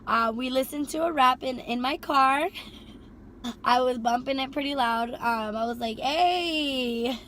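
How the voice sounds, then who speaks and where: A young woman casually telling a storytime about her driving job, animated, swearing freely and filling with "like". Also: sits high, measured pace, slight background noise. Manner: animated, heavy swearing and filler "like". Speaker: rideshare driver and vlogger.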